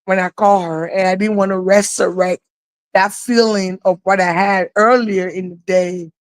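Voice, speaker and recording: A woman's voice: mid-range voice, fairly even intonation, moderate pace, no room sound, rough recording. A woman co-hosting a live online talk show, telling a story in an emotional, rambling way. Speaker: co-host.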